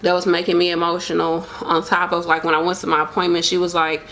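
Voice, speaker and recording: A woman's voice: fairly low pitch, completely flat delivery, fast talker, fairly bright tone. A young woman chatting casually to camera about her pregnancy, open and emotional, rambling with lots of fillers. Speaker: vlogger sharing a pregnancy update.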